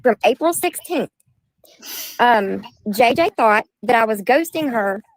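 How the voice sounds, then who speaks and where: High-voiced woman arguing on a livestream. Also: animated, measured pace, rough recording. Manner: confrontational, accusing, profane. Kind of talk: heated livestream argument.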